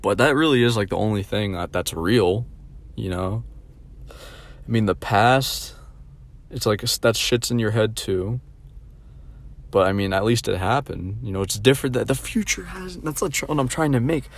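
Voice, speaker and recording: A man ranting casually, with profanity and many fillers like "like" and "you know", and mocking others in a higher voice. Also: normal speed. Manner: mocking high-pitched imitations of others.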